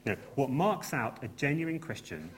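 A man's voice: mid-range voice, sing-song, normal speed. A man preaching a sermon in a church, earnest and emphatic, with light asides to the congregation.

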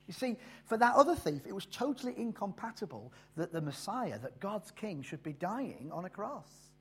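Husky-voiced man preaching emphatically. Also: high voice, sing-song. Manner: emphatic, rises and drops in loudness and slows on key phrases. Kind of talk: sermon.

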